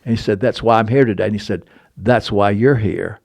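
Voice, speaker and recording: An older man with a Southern American accent, hosting a show and telling stories in a casual chat, dropping low and slow whenever he quotes someone. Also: vocal fry. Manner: animated, drops low and slow to quote others. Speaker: show host and storyteller.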